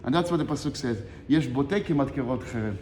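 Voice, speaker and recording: A man giving a short Torah lesson, telling a Talmud story with lively swings between Hebrew quotes and English explanation. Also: medium pitch, racing, reverberant, big-room sound, a little hiss or hum. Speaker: Torah teacher.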